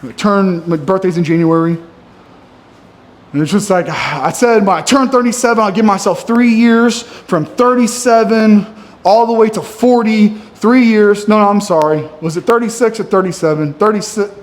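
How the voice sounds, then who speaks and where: A man's voice: sits high, moderate pace. A man in his thirties venting in a ranting, self-critical monologue for his fitness vlog, wired on coffee. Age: 30s. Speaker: fitness vlogger. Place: gym.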